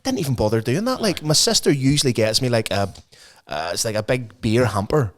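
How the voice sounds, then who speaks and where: A man's voice: medium pitch, animated, fairly quick. A man, co-hosting a podcast in sweary, jokey casual chat. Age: 30s. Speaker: podcast co-host.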